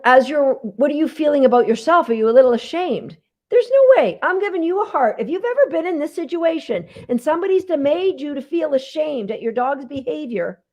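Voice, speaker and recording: A woman with a fairly high voice answers viewers' questions as a dog trainer. She is chatty and emphatic and talks straight to the people watching. The recording sounds dull and lo-fi. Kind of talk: casual live Q&A teaching.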